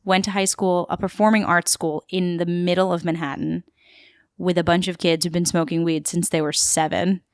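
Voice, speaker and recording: A woman's voice: fairly low pitch, little pitch movement, moderate pace, clean tone, no room sound, studio quality. A woman from Queens, telling a story as a chatty podcast guest with lots of fillers. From Queens, New York City. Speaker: podcast guest, actor and tour guide. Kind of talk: casual storytelling interview.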